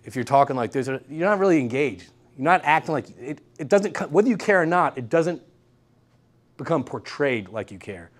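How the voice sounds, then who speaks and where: A young man giving an energetic workshop lecture in a classroom, repeating key points and checking in with the room. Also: fairly high pitch, moderate pace. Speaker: guest lecturer. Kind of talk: university workshop talk.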